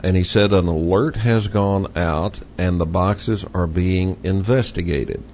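This talk radio host is a man with a Texas accent and a deep, unhurried, slightly mellow voice. In a casual discussion, he hammers home his points in a folksy, emphatic manner, repeating them; the lo-fi radio sound is dull, with faint hiss.

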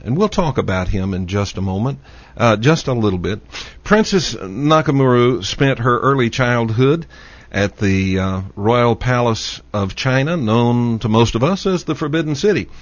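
A man with a Texas accent hosting a talk show, speaking slowly with many pauses and fillers as he introduces and interviews a guest. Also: mid-range voice, no room sound. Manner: slow, halting, with many "uh" fillers. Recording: dull lo-fi audio.

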